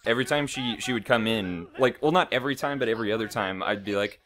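A man's voice: lowish voice, quick pace, a bit bright. A man co-hosting a let's-play with casual commentary and joking, laughing banter.

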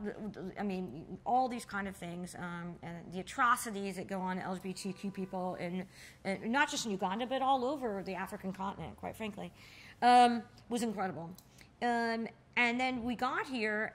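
A woman in an oral history interview, telling stories in a lively way and jumping high when she acts out what people said. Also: fairly quick. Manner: animated storyteller, acts out quotes with sudden high exclamations. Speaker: interviewee, bar co-owner and nonprofit founder. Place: in a bar.

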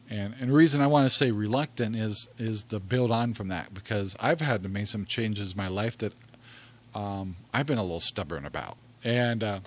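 A man's voice: lowish voice, a bit bright. Chatty, rambling male podcast host. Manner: rambling, chatty storyteller, laughs often, restarts sentences. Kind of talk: casual podcast monologue. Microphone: desk microphone.

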